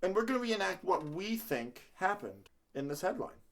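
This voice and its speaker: A man co-hosting a comedy podcast, playful and quick to laugh. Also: high-pitched, big pitch swings. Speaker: podcast co-host. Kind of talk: improvised comedy bit.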